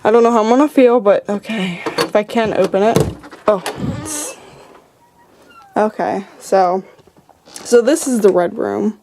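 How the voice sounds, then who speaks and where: Chatty young woman, mellow voice. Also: mid-range voice, a little slow, pauses often, a little hiss or hum. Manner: chatty, says "like" constantly. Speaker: paranormal vlogger. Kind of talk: casual house-tour vlog. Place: indoors in a house.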